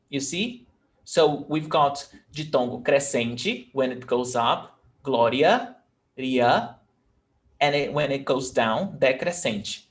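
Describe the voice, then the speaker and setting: An adult Portuguese teacher runs a live online class in a mid-range, animated voice at a slow pace. Patiently, they repeat and sound out words, switching between English and Portuguese.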